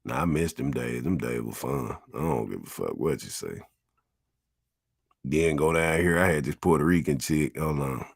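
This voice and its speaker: A man's voice: a bass voice, lively intonation, moderate pace, gravelly, slightly rough, no room sound, studio quality. A middle-aged man casually reminiscing as he tours his old neighborhood, talking in profane, laid-back street slang. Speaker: vlogger.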